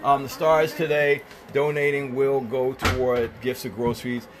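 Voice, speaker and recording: A man's voice: medium pitch, level tone, normal speed. Chatty Jamaican man hosting a noisy kitchen stream. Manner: chatty and playful, greets viewers by name. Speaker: livestream host. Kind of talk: casual live-stream chat reading viewer comments. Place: home kitchen.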